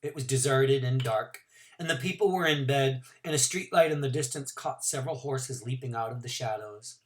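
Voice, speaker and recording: Reading to his students from a novel, this man narrates in the first person with lots of expression, shifting his pacing as he goes. He speaks at a moderate pace in a mid-range pitch.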